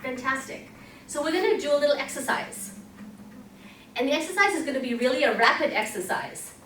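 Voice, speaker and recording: A woman's voice: high-pitched, animated, brisk, a bit bright. A woman giving a motivational talk at a conference, speaking with emphasis and putting questions to the audience. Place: conference room. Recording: echoey hall, voice from a distance, faint hiss.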